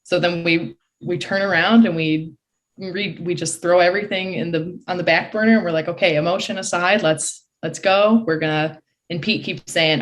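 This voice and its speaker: A woman in her early twenties from Michigan, a guest excitedly retelling a race in a casual voice full of "like" fillers. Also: fairly low pitch, normal speed. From Michigan, USA. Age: early 20s. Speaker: podcast guest, college swimmer. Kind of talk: casual storytelling.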